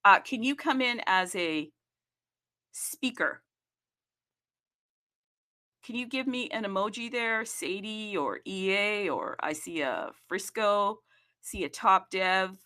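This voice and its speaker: Bright, excitable woman hosting live. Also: mid-range voice, slow, long pauses, clear, resonant tone. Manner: animated, chatty, keeps asking "okay?" and addressing "people". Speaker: host of a live crypto audio room. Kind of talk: excited casual monologue to listeners. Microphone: live audio chat room.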